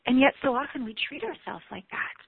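A woman relationship coach giving a candid, animated motivational talk, swearing casually. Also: sits high, brisk, creaky, breathy edge, dry recording. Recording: tinny phone-like sound.

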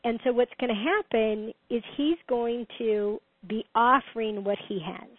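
Animated middle-aged woman giving advice, kinda high voice, tinny dry sound like a phone line. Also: unhurried, no echo. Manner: animated, laughs often, emphatic advice-giving. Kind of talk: casual conversation.

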